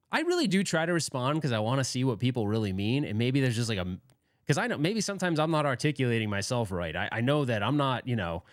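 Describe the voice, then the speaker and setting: A man hosting a laid-back livestream, his pitch swinging up and down as he rambles through viewer comments. He pokes fun at himself and laughs often. The sound is close and dry, with no room around it. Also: dry recording. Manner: rambling, self-deprecating, laughs often, friendly banter. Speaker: livestream host. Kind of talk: casual livestream chat, reading out viewer comments.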